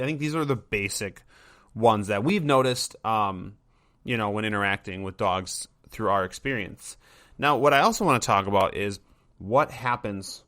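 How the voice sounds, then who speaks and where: A man hosts a casual podcast in a bright, forceful voice of middle pitch. He explains things in a loose, offhand, conversational way. He is recorded close to the mic in a dry, dead room. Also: dry recording. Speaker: dog trainer and podcast host.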